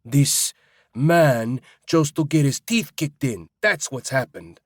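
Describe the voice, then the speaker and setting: A man's voice: medium pitch, expressive, slow pace, no room sound, studio quality. A male narrator playing a hot-tempered, desperate young man with a strange accent, curt and threatening. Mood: angry.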